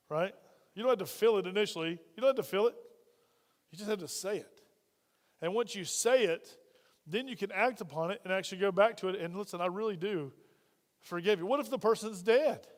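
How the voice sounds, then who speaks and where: A man's voice: high voice, fairly quick, pauses often. A man preaching a conversational sermon as pastor, often putting questions to the congregation. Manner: asks the congregation frequent questions. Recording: long reverb of a church hall.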